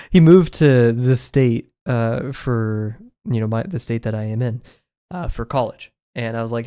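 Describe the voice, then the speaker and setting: Easygoing male streamer, mid-pitched, rambles and laughs while he draws. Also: measured pace, warm tone, clean tone. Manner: rambling, laughs often, many fillers. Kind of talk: casual chat while drawing.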